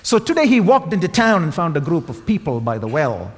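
Emphatic preacher in a reverberant hall. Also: male voice, on the high side, very animated, brisk. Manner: emphatic, repeating key phrases. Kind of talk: sermon.

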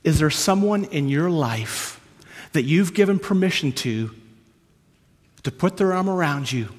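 A man from Canada preaching a sermon, earnest and storytelling, moving between hushed and emphatic. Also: a little high. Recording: long hall reverb.

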